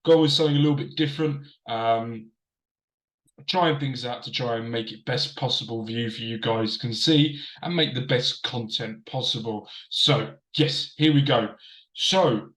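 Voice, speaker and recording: Man, mid-pitched voice, casual wrestling review host, repeats himself for emphasis, echoey room. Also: a bit bright. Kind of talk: casual commentary. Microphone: desk camera setup.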